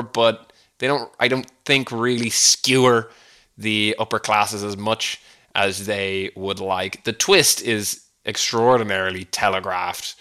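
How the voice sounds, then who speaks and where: A man's voice: mid-range voice, pushed and bright, clean tone. A man with an Irish accent hosting a comedy podcast, rambling wryly with chuckling asides. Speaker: podcast host. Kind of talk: comedic solo monologue.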